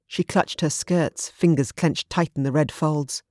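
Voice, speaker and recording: Dry, measured male audiobook narrator. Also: a little high, no echo. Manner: steady, measured storytelling.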